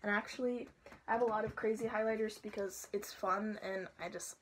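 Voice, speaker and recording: A young woman chatting casually and playfully through a makeup tutorial at home, sometimes dropping to soft asides. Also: medium pitch, level tone, brisk, noisy background. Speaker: makeup vlogger.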